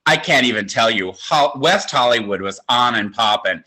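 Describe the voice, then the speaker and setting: A man's voice: mid-range voice, lively intonation, normal speed, pushed and bright, rough recording. A man in his sixties doing stand-up comedy, telling campy, self-mocking stories. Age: 60s.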